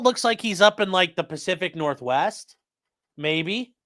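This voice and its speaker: A man's voice: on the high side, sing-song, a little slow, fairly bright tone. A man hosting a livestream, commenting on court filings in a mocking, profane way. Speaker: livestream host. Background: live chat stream.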